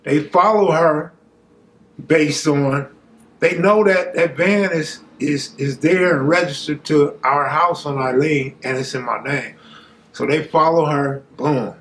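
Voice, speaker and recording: A man's voice: on the high side, slow pace, fairly bright tone. A man, hosting a stream and telling a true story in casual, profane street talk, raising his voice when he quotes people. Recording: echoey room, faint background hum.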